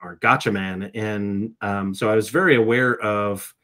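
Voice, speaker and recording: A middle-aged voice actor, appearing as an interview guest, gives reflective answers in a fairly low, fairly bright voice that's a little slow with fairly even intonation. He often repeats words as he begins a thought.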